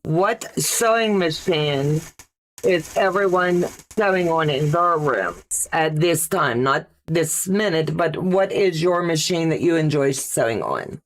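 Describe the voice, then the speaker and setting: A woman hosts a relaxed sewing livestream and chats with her viewers as she reads their comments. Her voice sits low and her speech moves at an unhurried, easy pace. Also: a little hiss or hum. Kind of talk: casual livestream chat.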